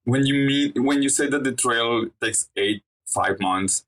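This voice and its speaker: A man's voice: mid-range voice, a little slow, a bit bright, low-quality recording. A man co-hosting a podcast, asking hesitant, stumbling questions. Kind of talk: interview questions.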